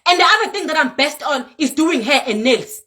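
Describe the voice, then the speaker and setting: A South African woman speaks straight to her viewers in a high, bright voice. She scolds and lectures with lively swings, slipping Zulu words into her English. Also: a little fast. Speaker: vlogger. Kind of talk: ranting to viewers. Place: home in Europe.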